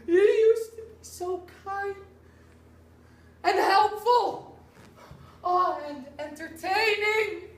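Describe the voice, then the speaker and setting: Woman acting pompous cruel male master, theatrical, slow measured delivery, distant stage sound. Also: very high voice, full character voice. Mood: overwrought. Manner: grandiose, commanding, swings into overwrought wailing. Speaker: student actor. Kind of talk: student stage performance. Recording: roomy stage sound from far off.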